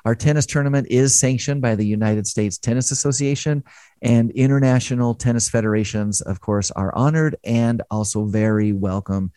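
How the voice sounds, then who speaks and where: A man's voice: mid-range voice, moderate pace, warm tone, clean tone, no room sound. A middle-aged man hosting a studio chat show, upbeat and chatty with jokey asides. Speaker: host.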